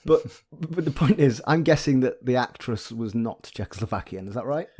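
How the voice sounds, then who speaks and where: A man's voice: medium pitch, expressive, normal speed, a little mellow, breathy edge. Thoughtful man co-hosting a podcast. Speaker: podcast co-host. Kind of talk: casual chat.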